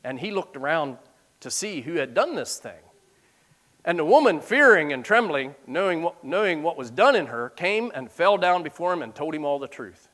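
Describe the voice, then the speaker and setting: A man's voice: a little high, big pitch swings, normal speed, fairly bright tone. A middle-aged man preaching, reading scripture aloud and breaking into plain-spoken asides to explain it.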